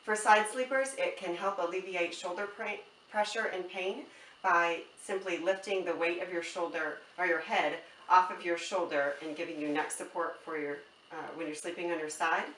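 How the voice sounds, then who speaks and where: A woman casually demonstrating a product step by step, with relaxed fillers. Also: on the low side, normal speed, a little hiss or hum. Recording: roomy, from a distance, faint ambience.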